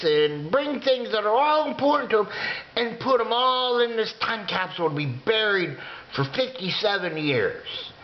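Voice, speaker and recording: A man in his sixties telling a comic story in a drawn-out, rambling way, sometimes dropping to a whisper. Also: high voice. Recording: dull lo-fi recording.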